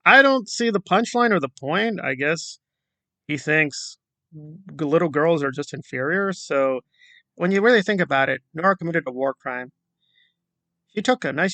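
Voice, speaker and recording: A man's voice: on the high side, pushed and bright, dry recording. A man delivering a combative, sarcastic commentary rant full of rhetorical questions. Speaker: commentary YouTuber. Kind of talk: ranting commentary vlog.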